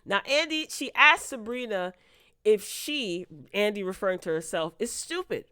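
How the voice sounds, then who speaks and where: A woman's voice: medium pitch, lively intonation, normal speed, sharp tone, clear, resonant tone, no room sound, clean studio sound. A woman recapping a TV episode in casual chat, breaking off into incredulous, sarcastic asides. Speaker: TV recap vlogger.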